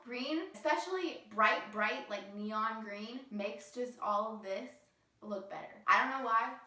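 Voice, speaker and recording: A young woman vlogger talking frankly in a casual monologue, full of "like" and quick laughs. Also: medium pitch, bright, forceful tone, roomy sound, distant mic, rough recording. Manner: chatty, frank, many "like"s, laughs often. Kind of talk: casual facts-about-me monologue.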